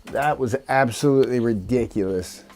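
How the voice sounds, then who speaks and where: A man's voice: mid-range voice, normal speed, a little mellow, soft background music. A man vlogging about his drone hobby as he works, frustrated, swearing and muttering to himself. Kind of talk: casual talk while working.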